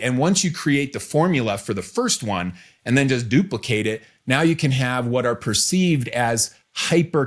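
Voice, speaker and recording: A man hosting a podcast, giving business advice in a relaxed, teasing way and repeating key phrases. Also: mid-range voice. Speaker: podcast host.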